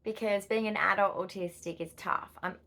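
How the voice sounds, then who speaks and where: A woman's voice: medium pitch, steady tone, normal speed, pushed and bright. A middle-aged woman from Australia with an Australian accent, chatting casually to camera in a rambling, easily distracted way. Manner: rambling and easily distracted, with frequent fillers and laughs. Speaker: vlogger.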